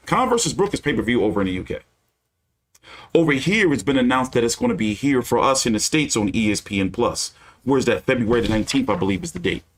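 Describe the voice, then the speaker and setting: A man hosting a casual boxing news live stream, with a loose, profane, ranting delivery full of fillers. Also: medium pitch.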